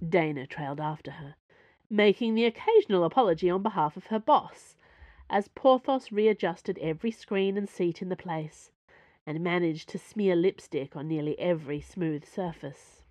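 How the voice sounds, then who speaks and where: A woman reading her own serialized fiction aloud, expressive and lively storytelling. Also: lowish voice, moderate pace, no echo, highs cut off. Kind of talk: scripted fiction narration.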